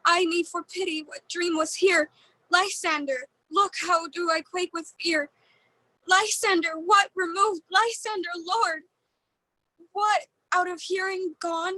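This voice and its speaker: A woman playing the young maiden Hermia, delivering verse slowly and carefully in a community theatre reading. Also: very high voice, steady tone, bright, forceful tone, no echo, exaggerated voice, rough recording. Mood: frightened.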